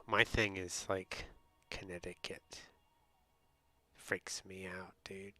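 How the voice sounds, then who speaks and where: A man's voice: lowish voice, creaky, bright, forceful tone. A man from the United States, a streamer rambling in casual chat and answering his viewers. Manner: rambling, chatty storytelling, reads and answers chat.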